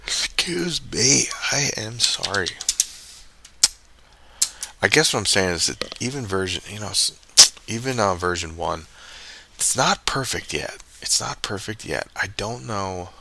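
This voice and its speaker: A man's voice: lowish voice, expressive, measured pace, creaky, pauses often, sharp tone, slight background noise. A man live-streaming a roulette-style game, muttering to himself and grumbling when bets miss. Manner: muttering, frustrated, talks to himself. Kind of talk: casual live-stream commentary while playing.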